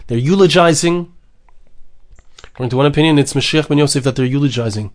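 A man's voice: on the high side, quick pace. A man giving a Torah lecture, mixing in Hebrew and Aramaic phrases and repeating words for emphasis. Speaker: rabbi teaching Torah.

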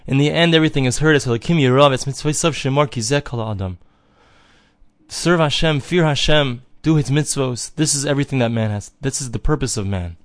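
A man's voice: mid-range voice, fairly quick, no echo, studio quality. Earnest man teaching a religious lesson. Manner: earnest teaching, acts out voices in stories. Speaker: Torah teacher. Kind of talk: recorded religious lesson with storytelling.

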